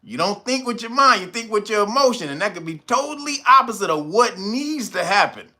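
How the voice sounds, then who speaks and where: A man's voice: high-pitched, animated, fairly quick, pushed and bright. A man hosting his own channel, talking in a casual, comedic, profane way and breaking into laughter between lines. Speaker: channel host. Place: California.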